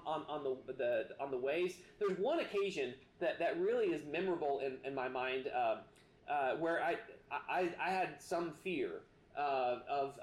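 A man preaching a sermon, earnest and halting, with many restarts. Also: on the high side, reverberant. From United States. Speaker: pastor.

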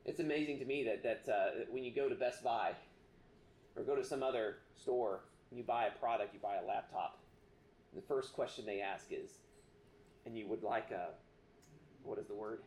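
A man preaching a sermon, earnest and halting, with many restarts. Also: medium pitch, a little mellow, echoey room. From United States. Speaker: pastor.

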